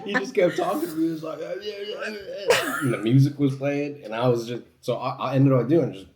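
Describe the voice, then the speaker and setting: A man's voice: mid-range voice, fast, crowd noise. A man from New York telling travel stories in a casual way, laughing often as he talks. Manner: laughing often, animated and lively storytelling. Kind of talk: casual storytelling.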